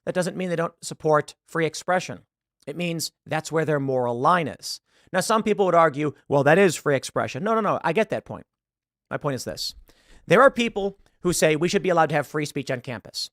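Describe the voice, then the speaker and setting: A man's voice: on the high side, lively intonation, fairly quick, fairly bright tone, dry recording, clean studio sound. A man giving emphatic online commentary, often repeating words as he pushes his points. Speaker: political commentator.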